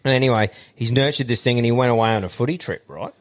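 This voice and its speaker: A man with an Australian accent hosting a podcast, spinning sweary, animated yarns. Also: medium pitch, quick pace. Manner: animated yarn-spinner, sweary, laughs often. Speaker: podcast host. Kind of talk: casual chat and storytelling.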